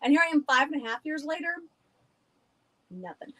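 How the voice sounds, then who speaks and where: A woman's voice: high-pitched, animated, moderate pace, a bit bright, low-quality recording. A woman guest on a podcast, chatting casually and rambling with frequent laughs. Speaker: guest, haunted house owner.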